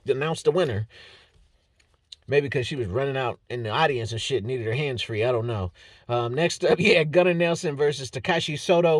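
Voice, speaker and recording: Animated man breaking down fights. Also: mid-range voice, no room sound, studio quality. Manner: animated, slangy, profane, laughs often. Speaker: MMA fight analyst.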